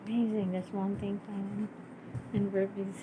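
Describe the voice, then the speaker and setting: A woman's voice: mid-range voice, level tone, moderate pace, narrow, tinny audio, noisy background. A woman coaching a child through exercises off camera, cheering him on with repeated praise and frequent laughter. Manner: cheering, repetitive, laughs often. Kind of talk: casual home video coaching.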